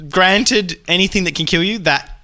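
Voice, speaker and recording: A playful Australian man trading jokes on a podcast stream, his voice bright and lively. He sits a little high and keeps a teasing edge in everything he says. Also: moderate pace. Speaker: podcast co-host. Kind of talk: casual chat on a livestream.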